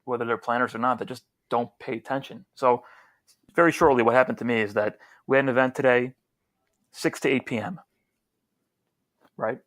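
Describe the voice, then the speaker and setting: A man co-hosting a podcast in an easygoing, conversational manner. His delivery stays calm and low-key. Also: a little fast, pauses often. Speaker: podcast co-host. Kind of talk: casual podcast chat.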